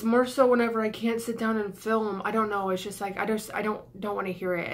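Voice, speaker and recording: A young YouTuber with a mid-range voice vents in an emotional vlog rant. Flustered and breathless, she rushes her words, sighing and swearing, stressed and near tears as her voice cracks.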